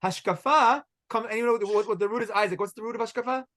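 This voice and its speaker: Extremely high in pitch and fairly bright in tone, this middle-aged man talks fast while leading a halacha lesson as a rabbi. In this classroom lecture he quizzes students with energy, using Israeli pronunciation for Hebrew words.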